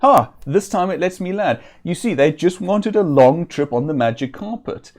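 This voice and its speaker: A man giving casual let's-play commentary while slightly ill, chatting and reading game text aloud with occasional throat clearing. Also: on the high side, expressive, moderate pace, darkish tone. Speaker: streamer.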